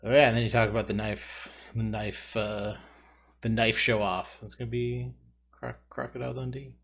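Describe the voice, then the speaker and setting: Husky low-voiced man musing over trivia. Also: flat delivery, moderate pace, a bit bright. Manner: thinking aloud, rambling, self-mocking. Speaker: trivia video host playing along. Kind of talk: casual commentary while answering quiz questions.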